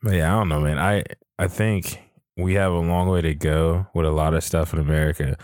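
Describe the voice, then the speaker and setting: Deep-voiced laid-back man. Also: steady tone, fairly quick, darkish tone, no room sound, clean studio sound. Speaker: podcast co-host. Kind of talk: casual podcast chat.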